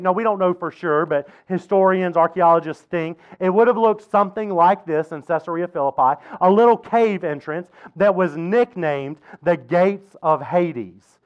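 A man's voice: high voice, highs cut off. A man preaching a sermon as pastor, in a casual, conversational way with asides to the congregation.

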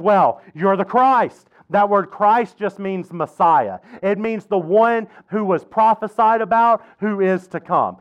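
A man's voice: high-pitched, clear, resonant tone, dull audio. A man preaching a sermon as pastor, in a casual, conversational way with asides to the congregation.

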